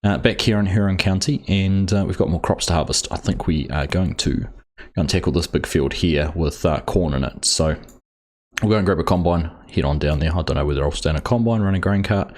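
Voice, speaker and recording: Deep-voiced guy streaming a farming game, chatty, says hi to everyone in chat. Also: a little fast, a little mellow. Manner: chatty, greets viewers by name while playing. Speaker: livestream host. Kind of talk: casual gameplay commentary.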